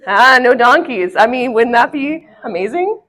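Her somewhat high, bright voice has lively intonation, a forceful tone and a normal speed. A women's ministry speaker teaches a church group conversationally in a church hall with a live audience, asking them questions and telling a family story.

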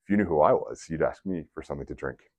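A man voicing a calm, knowing male teacher who speaks low, soft and unhurried. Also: full character voice. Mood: gentle.

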